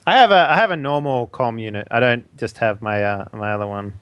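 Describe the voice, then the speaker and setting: A man's voice: mid-range voice, a little fast, fairly bright tone, smooth, no echo, muffled recording. A man playing a character in a tabletop game, talking casually and hesitantly. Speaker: player.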